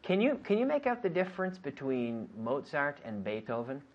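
A man's voice: on the high side, normal speed, lo-fi sound. A man, a native English speaker, teaching an English lesson and repeating questions over and over in a classroom drill. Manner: lively, repetitive questioning, acts out both sides of a dialogue.

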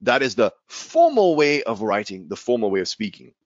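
Lively male English teacher, dull dry sound. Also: on the low side, moderate pace, no echo. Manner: animated, repeats key words, slips in Spanish asides. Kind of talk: informal language lesson.

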